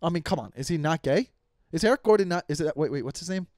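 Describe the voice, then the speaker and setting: A young man hosts a comedy podcast, ranting casually with heavy swearing and rambling through frequent stumbles and restarts. His voice is fairly high, animated and darkish, and he talks fast; the studio sound is clean with no echo.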